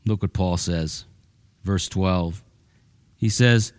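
A male pastor preaching a conversational sermon in a folksy way, full of "you know" and repeated words, his voice climbing higher when he presses a point. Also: slow, long pauses, a little mellow, smooth, no echo, studio quality.

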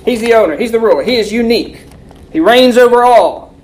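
A woman teaching a Bible lesson, reading scripture slowly and forcefully and quizzing her listeners with rhetorical questions. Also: fairly high pitch, poor audio.

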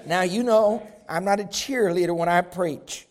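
Pastor guy preaching, pretty high voice, gets loud and punchy on repeats. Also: moderate pace. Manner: preaching with rising emphatic bursts and repetition. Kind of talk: sermon.

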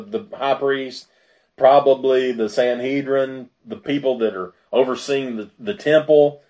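A man's voice: mid-range voice, darkish tone. A man preaching a sermon in a conversational way, with fillers and asides. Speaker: pastor.

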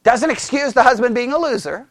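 A man gives an informal Bible study in a church, talking with emphatic energy and acting out voices as he goes. His voice sits very high and swoops widely in pitch. The sound is dry and close, with little room echo. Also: fairly quick. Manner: animated, emphatic, acts out voices. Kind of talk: informal teaching sermon.

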